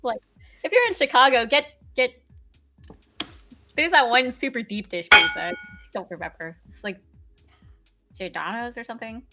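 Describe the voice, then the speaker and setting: A young woman guest chatting casually on a live stream, telling animated stories and voicing little asides. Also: a little high, moderate pace, long pauses, over music. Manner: chatty, animated storytelling with laughs and voiced asides. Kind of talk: casual chat.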